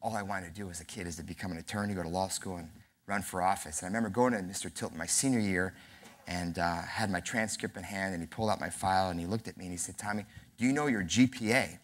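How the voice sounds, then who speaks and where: Fast-talking man telling a story. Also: sits low, fairly even intonation. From New York. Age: early 40s. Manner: storytelling with acted dialogue; self-deprecating, humorous. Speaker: keynote speaker. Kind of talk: motivational keynote speech. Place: convention center hall.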